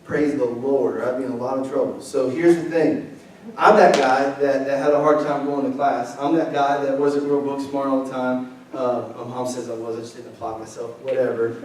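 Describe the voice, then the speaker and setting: A man's voice: mid-range voice, steady tone, moderate pace, darkish tone, slight background noise. A young man, preaching a casual, joking sermon and bantering with his congregation. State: weak from illness. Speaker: pastor. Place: church sanctuary. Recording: echoey sanctuary, mic from far off.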